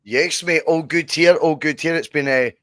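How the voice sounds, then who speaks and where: A man's voice: fairly high pitch, normal speed, bright, forceful tone, no echo, clean studio sound. A man hosting a casual podcast over a video call, chatty and matey as he plugs the channel. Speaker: podcast host.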